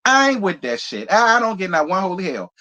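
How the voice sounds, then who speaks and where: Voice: mid-range voice, big pitch swings, a little fast, sharp tone. Heated, profane reality-show reviewer ranting. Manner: blunt, profane, heated, repeats points for emphasis. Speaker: reality TV reviewer, channel host. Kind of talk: live show review rant.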